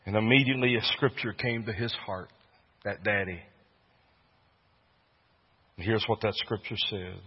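A man preaches with earnest conviction, rising to loud, fervent peaks. His voice is a touch husky, and the sound is muffled and lo-fi. Long reverb from a large hall trails after his words. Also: lowish voice, normal speed, pauses often. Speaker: pastor. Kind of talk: sermon.

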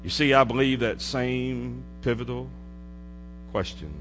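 A man preaching a sermon in a church, dropping to hushed low asides and rising to emphatic declarations. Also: a little slow. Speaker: pastor. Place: church sanctuary. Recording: hall reverb with mains hum.

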